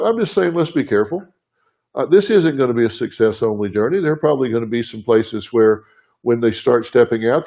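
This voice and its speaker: A man's voice: medium pitch, darkish tone. A man hosting a live show from his home, speaking earnestly and plainly to viewers, thinking aloud as he answers their questions. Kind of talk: live casual address to viewers.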